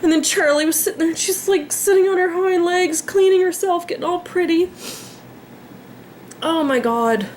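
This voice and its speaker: A woman in her thirties talking in a casual personal vlog, emotional and drained, rambling with sighs and halting starts. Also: very high-pitched, darkish tone, slight background noise. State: tearful, drained. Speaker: pet vlogger.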